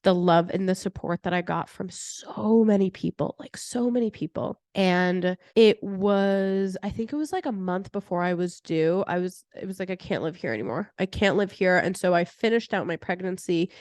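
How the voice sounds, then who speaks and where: A young adult woman hosting a podcast, telling a personal story in a chatty, animated way with many "like" fillers. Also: fairly low pitch, moderate pace, hardly any pauses, dry recording, studio quality. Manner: chatty, heavy use of "like" fillers; animated retelling with laughter. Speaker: podcast host.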